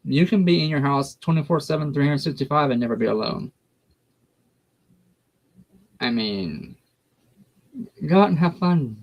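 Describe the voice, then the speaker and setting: A man's voice: on the high side, moderate pace, pauses often, lo-fi sound. A man giving a tarot reading on a livestream in a blunt, folksy way. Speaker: tarot reader.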